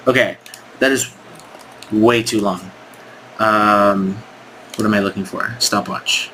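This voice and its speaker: A man with a lowish, bright, forceful voice coaches on sales during a casual screen-share walkthrough, speaking slowly with long pauses and fairly even intonation. He thinks aloud, restarts often, and critiques scripts frankly and directly. There's slight background noise.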